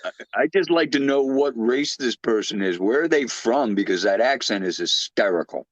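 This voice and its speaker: A man's voice: mid-range voice, lively intonation, normal speed, dry recording. A man co-hosting a podcast, chatting animatedly about a film. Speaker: podcast co-host. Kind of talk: casual movie review chat. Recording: muffled lo-fi podcast mic.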